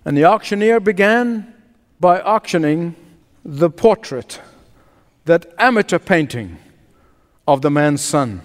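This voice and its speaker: A male preacher tells a story in a sermon, slow and deliberate. His voice sits high and moves widely in pitch. A long church reverb trails his words. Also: expressive. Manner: dramatic, deliberate.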